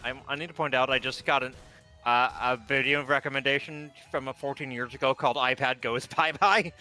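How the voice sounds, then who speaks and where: A man's voice: medium pitch, steady tone, a little fast, sharp tone, soft background music, poor audio. A young man in casual chat who jokes around, blurting absurd lines and laughing easily.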